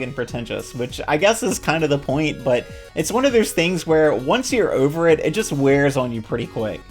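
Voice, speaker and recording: A woman commentator ranting about commercials in a casual, sarcastic, exasperated way. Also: low voice. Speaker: video commentator.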